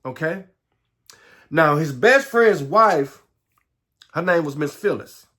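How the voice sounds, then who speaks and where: Halting middle-aged Southern man. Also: on the high side, expressive, bright, forceful tone. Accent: Southern American. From Southern United States. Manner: halting, repeats words, frequent restarts. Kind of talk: personal life story monologue.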